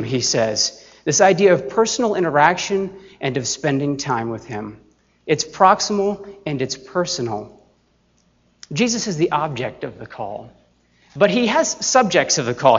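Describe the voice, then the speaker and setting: A man's voice: on the high side, sing-song, fairly bright tone. Earnest preaching man, dull lo-fi sound. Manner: earnest, emphatic, slows deliberately on key phrases. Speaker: pastor. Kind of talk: sermon.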